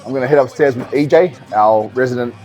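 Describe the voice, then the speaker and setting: A man who is a bodybuilder and coach, talking casually to the camera in a vlog, explaining things in a relaxed way with frequent ums and repeated words. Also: mid-range voice, fast talker, faint music behind.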